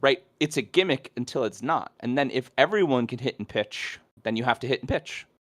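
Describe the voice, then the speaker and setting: A man's voice: mid-range voice, animated, brisk, a bit bright. Male co-host, casual, musing, mid voice. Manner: thinks aloud, uses many "I mean"s. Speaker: podcast co-host. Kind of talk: casual sports chat.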